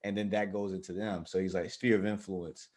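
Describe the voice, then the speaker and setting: A man's voice: low voice, level tone, a little fast, a little mellow. A man hosting a casual interview podcast, a Navy veteran speaking in a reflective, explaining way.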